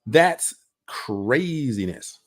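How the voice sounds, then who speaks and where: A man's voice: mid-range voice, expressive, drawn-out words. A man coaching on a livestream, talking casually to his audience, repeating words and firing off rhetorical questions. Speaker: coach hosting a livestream on passive income.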